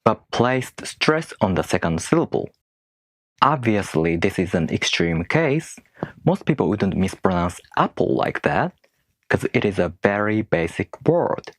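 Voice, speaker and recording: A man teaching in English, which is not his first language. His voice is low and swings widely in pitch as he asks rhetorical questions and slowly sounds out syllables. The sound is dry and close. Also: very animated, dry recording. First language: non-English speaker. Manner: rhetorical questions, slow careful demonstrations of stress. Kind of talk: explanatory video lesson.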